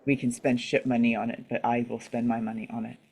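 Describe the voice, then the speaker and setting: A man speaking as a player in a tabletop game, thinking aloud in a measured way. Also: mid-range voice, level tone, gravelly, a little mellow, poor audio.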